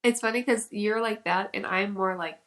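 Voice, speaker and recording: A young woman co-hosting a podcast, talking in a relaxed, giggly, self-deprecating way. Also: medium pitch, moderate pace. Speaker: podcast co-host. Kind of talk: casual chat.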